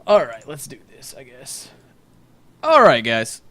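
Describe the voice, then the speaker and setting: A man's voice: medium pitch, huge pitch swings, unhurried, sharp tone. A man hosting a tabletop game stream over a voice call, chatty and joking, laughing and swearing. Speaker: stream host. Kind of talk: casual chat.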